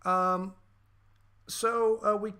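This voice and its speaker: A man's voice: high voice, little pitch movement, very slow, bright, forceful tone, clear, resonant tone. A man hosting a podcast, ranting profanely and animatedly about a film in casual chat, with lots of fillers. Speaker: podcast host.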